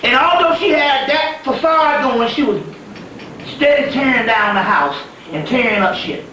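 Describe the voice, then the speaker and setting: A man's voice: very high-pitched, expressive, normal speed, bright, forceful tone, slight background noise. A man giving a rambling, profane spiritual lecture as a story, often laughing as he talks. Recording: echoey room from a distant mic.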